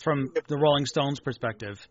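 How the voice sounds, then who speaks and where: Man, podcast co-host, dry jokes, mid-pitched voice, muffled lo-fi audio. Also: moderate pace. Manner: dry, joking asides. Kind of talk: casual chat.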